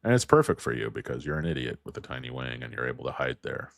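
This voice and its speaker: A man with a very deep voice hosts a stock market show in a loose, rambling way. He makes crude, self-mocking jokes and rattles off stock moves in a flat list. The sound is dry and close, with almost no room. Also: fast talker, vocal fry, dry recording. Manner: crude, self-mocking, riffs into jokey tangents. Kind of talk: rambling casual market chat.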